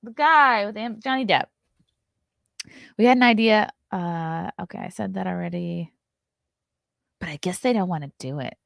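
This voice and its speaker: A woman's voice: mid-range voice, moderate pace, creaky, pauses often, fairly bright tone, no echo, studio quality. A young adult woman hosting a casual morning talk show, reading news items aloud and breaking in with blunt, swearing asides. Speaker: podcast host.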